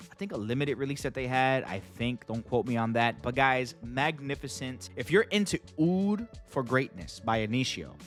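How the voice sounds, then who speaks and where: A man in a middle register talks excitedly to his viewers, full of slang and hype, pausing to call them in. Soft music runs low behind him. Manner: enthusiastic, slangy, keeps addressing viewers as guys. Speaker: fragrance reviewer and channel host. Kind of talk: casual product review to camera.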